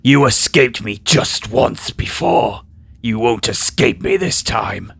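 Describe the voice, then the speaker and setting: A man's voice: mid-range voice, expressive, slow, gravelly, fairly bright tone, slightly rough, exaggerated voice. A British man voicing a defiant, vengeful male warrior who speaks tersely and threatens. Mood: threatening.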